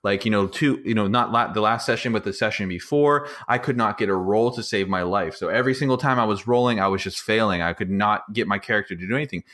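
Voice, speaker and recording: A man with a somewhat low voice chatting on a podcast. He rambles enthusiastically, piling up filler words as he tells stories from game night. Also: fast talker, hardly any pauses, a bit bright. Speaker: podcast co-host. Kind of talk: casual chat.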